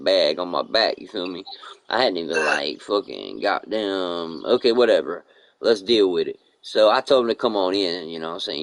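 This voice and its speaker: A man's voice: low voice, no room sound. A man live streaming who tells a rambling, profane story in casual chat, acting out the other people's lines as he goes. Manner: profane, rambling, animated retelling with quoted dialogue.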